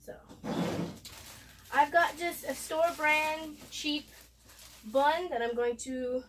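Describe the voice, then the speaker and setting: High-voiced woman chatting through a recipe. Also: takes it slowly, long pauses, background noise. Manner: chatty, talks through each step. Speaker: cooking vlogger. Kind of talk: casual cooking demonstration. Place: home kitchen. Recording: voice a bit far from the mic.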